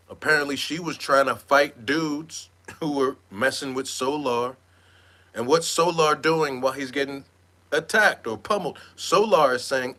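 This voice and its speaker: Bright-voiced man doing mocking commentary. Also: on the high side. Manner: animated, mocking, streetwise slang. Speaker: online commentator. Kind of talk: gossip commentary vlog.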